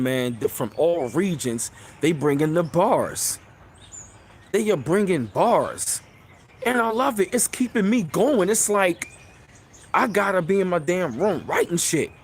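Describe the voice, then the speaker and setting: Rambling, animated New man. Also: slight background noise. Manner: animated, gets louder and higher when excited; loose, rambling, repeats phrases like "you know what I'm saying". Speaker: channel host. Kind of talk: casual talk to a live stream.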